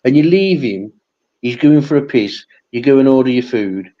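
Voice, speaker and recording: A man's voice: mid-range voice, animated, moderate pace. A man, telling rambling anecdotes in casual chat and swearing freely. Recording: dull lo-fi stream audio.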